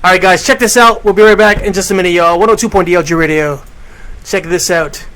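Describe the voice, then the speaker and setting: A laid-back male radio host chats casually with his listeners, using plenty of slang. His voice sits high for a man. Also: fast talker, a bit bright, poor audio.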